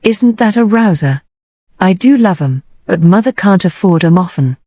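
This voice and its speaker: A woman's voice: medium pitch, animated, moderate pace, warm tone, no echo, studio quality, natural voice. A woman reading the part of a meek, poor young boy in an audiobook. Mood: wistful. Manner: meek, stammering.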